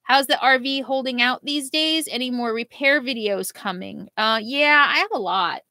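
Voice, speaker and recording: A middle-aged woman vlogger in a casual live Q&A, reading viewer comments and answering them in a halting, emotional way, at times near tears. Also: high-pitched, pushed and bright, no echo. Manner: emotional, halting, laughs through grief.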